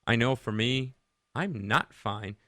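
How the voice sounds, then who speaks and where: A man's voice: medium pitch, takes it slowly, pushed and bright, dry recording, clean studio sound. A man from Rhode Island hosting a Christian radio show, talking conversationally, asking listeners many questions and leading a prayer. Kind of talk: devotional radio talk and prayer.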